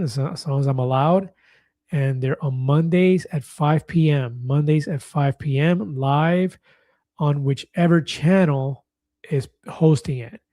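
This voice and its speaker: Casting note: talkative livestream host in his fifties, mellow voice, dry close sound. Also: medium pitch, dry recording. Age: 50s. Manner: chatty, reads viewer comments aloud, laughs easily. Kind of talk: casual livestream chat.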